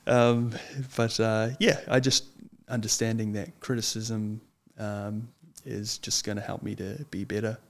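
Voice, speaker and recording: A man's voice: fairly low pitch, level tone, creaky. Earnest young New man, hesitant. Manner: earnest, hesitant, fills pauses with ums. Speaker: guest, lawyer and wrestler. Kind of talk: casual interview chat.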